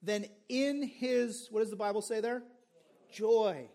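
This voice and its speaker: A male pastor preaching a sermon in an animated, conversational way. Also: sits high, measured pace. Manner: animated, conversational, acts out characters.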